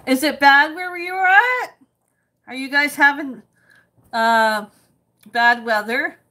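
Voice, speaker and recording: A woman hosting a casual cooking livestream, reading viewer comments aloud, chatty and quick to laugh. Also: high-pitched, sharp tone.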